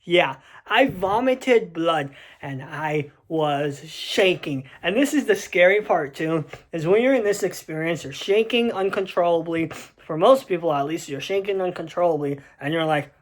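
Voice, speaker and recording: A man's voice: a little high, expressive, moderate pace. A young adult man casually telling a personal story to camera, rambling with many restarts and fillers.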